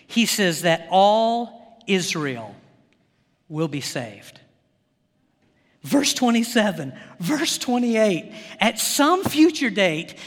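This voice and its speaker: A male pastor preaching a sermon with rising fervor, often stumbling over quick restarts as he gets worked up. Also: very high voice, a bit bright. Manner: impassioned, builds to fervor, rapid restarts. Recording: long hall reverb.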